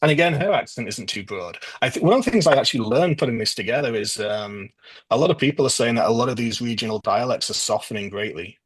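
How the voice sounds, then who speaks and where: A man from northwest England hosting a trivia quiz over a video call, going through the answers casually with frequent ums and pauses. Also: mid-range voice, lively intonation, slightly rough, dry recording, low-quality recording. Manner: hesitant, lots of ums. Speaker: quiz host.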